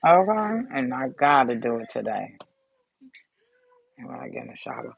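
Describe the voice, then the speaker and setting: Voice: mid-range voice, sing-song, moderate pace, creaky, husky, dry recording, poor audio. A vlogger talking casually to camera in a subdued, grieving way, rambling, swearing freely and losing track of the thought. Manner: rambling, loose and profane, loses track of the thought. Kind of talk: casual to-camera vlog talk.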